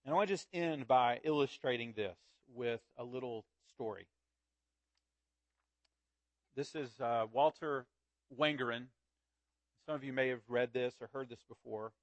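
A man preaching a sermon, reading a story aloud in a slow, dramatic way with big swings in loudness. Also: mid-range voice, no room sound. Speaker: pastor.

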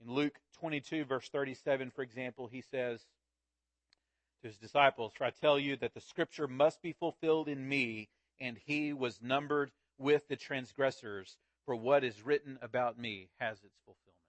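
A man's voice: medium pitch, normal speed, no echo. Man preaching, dry close sound. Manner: expository preaching, reads scripture aloud, builds to emphatic peaks. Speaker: pastor. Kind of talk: sermon.

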